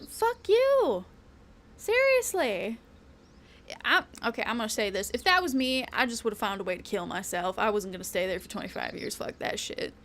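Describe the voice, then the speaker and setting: A woman's voice: sits high, a bit bright. A woman streaming a game, ranting in casual chat, blunt and rambling, swearing often and laughing between lines. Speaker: VTuber streamer. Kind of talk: casual live-stream rant while gaming.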